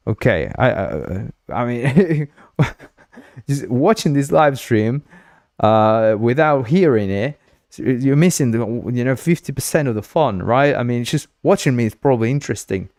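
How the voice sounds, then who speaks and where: A man's voice: mid-range voice, expressive, a little slow, a little mellow, no echo, studio quality. Laughing, rambling man from Uruguay. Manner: rambling, joking, laughs often, many restarts. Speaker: livestream host. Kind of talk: casual livestream chat.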